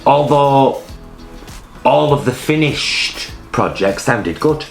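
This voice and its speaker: A man with a lowish voice that rises and falls a lot, co-hosting a relaxed, teasing chat. He stretches words out for playful emphasis. The room rings with echo, and faint music plays behind him. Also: moderate pace. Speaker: co-host. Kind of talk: casual chat reviewing a TV show. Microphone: laptop setup.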